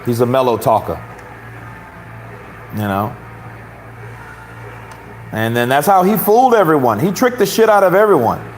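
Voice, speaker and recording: A man's voice: medium pitch, very animated, moderate pace, long pauses, slight background noise. A man giving casual boxing commentary, swearing freely, rambling and laughing often.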